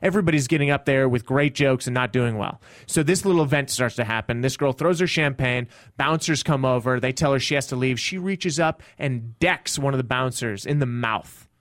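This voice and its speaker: A man, a stand-up comic, telling a story in casual podcast chat and acting out the people in it with sudden high shouts. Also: a little fast, hardly any pauses, no echo, studio quality.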